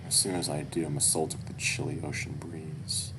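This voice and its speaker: A man's voice: a bass voice, flat delivery, normal speed, background noise. A man reading a visual novel aloud with wry, swearing asides. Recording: loud background music.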